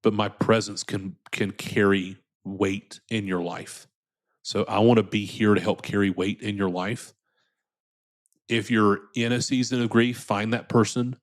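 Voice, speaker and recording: A man with a fairly low voice speaks candidly as an interview guest, earnest and unpolished. His intonation is fairly even and his pace measured, and he often restarts and repeats words at the start of sentences as he gathers his thoughts.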